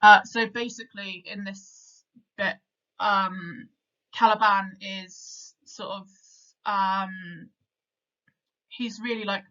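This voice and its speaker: A woman teacher talks through a lesson, hesitant and full of fillers. Her voice sits at a middling pitch. The recording sounds dull and lo-fi. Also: fairly even intonation, slow pace, long pauses, pushed and bright. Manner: hesitant, many fillers like "sort of" and "um".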